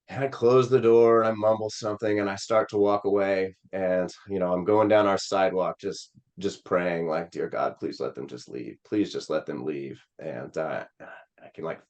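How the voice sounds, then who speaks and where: This man's deep, slightly mellow voice belongs to a Missouri Senate candidate on a podcast. In the interview he shares a personal story earnestly, rambling and using many fillers.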